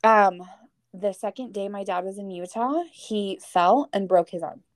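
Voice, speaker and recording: A woman's voice: medium pitch, a little slow, no echo. A woman as a podcast guest, telling a personal story in casual chat, candid and emotional, swearing casually.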